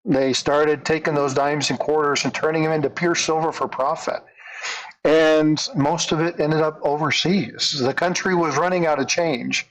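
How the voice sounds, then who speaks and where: A man's voice: a little high, fairly even intonation, moderate pace, a bit bright, rough recording. A man narrating a story in a conversational way, leaning into the dramatic moments. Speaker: storyteller, coin channel host.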